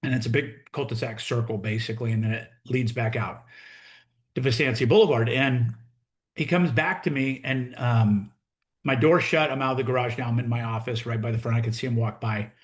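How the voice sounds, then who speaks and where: A man's voice: mid-range voice, steady tone, fairly quick. A middle-aged American man, a real estate coach, telling a story as a monologue and acting out both sides of the conversation. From United States.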